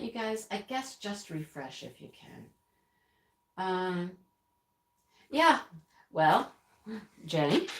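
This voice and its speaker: A woman hosting a casual live stream, chatting, laughing often and reading out viewer comments. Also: mid-range voice. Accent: American. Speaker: livestream host. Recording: roomy echo.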